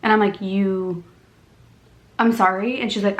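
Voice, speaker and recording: A young woman vlogger telling a story in a casual, animated way, acting out the dialogue and filling her talk with "like.". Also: medium pitch, moderate pace, highs cut off. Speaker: beauty vlogger. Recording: echoey room with faint music.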